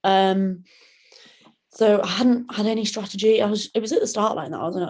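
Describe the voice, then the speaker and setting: A young woman from the UK talks casually as an interview guest, laid-back and chatty. Her voice is mellow and soft-edged, sitting at an ordinary pitch. She bounces into other people's voices as she tells a story. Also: brisk. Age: young adult. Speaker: guest, solo ocean rower.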